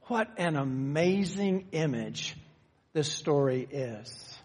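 A man preaching a sermon, teaching conversationally and shifting from slow, stressed phrases to quick asides. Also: a little high, expressive, a little mellow, breathy edge. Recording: long reverb of a church hall.

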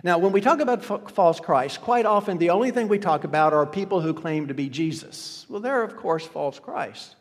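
A male pastor delivers a sermon, pressing his points through repetition and sudden shifts between loud and hushed lines. His voice sits fairly high for a man. The sound carries the long reverb of a big church hall. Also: animated, normal speed, hardly any pauses. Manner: emphatic, repeats key phrases, swings loud and soft.

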